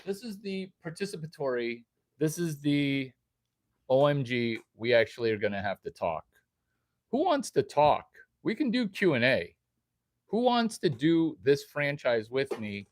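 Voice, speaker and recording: Speaking a little slowly, this vlogger has a highish voice that swings widely in pitch. He rambles straight to camera for his viewers, firing questions at them and lurching erratically between subjects.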